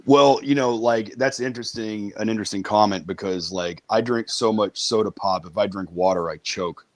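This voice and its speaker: Low-voiced man, dry close sound. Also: normal speed, no echo. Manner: hesitant, many uh fillers, wry. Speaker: interview guest. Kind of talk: casual conversational interview.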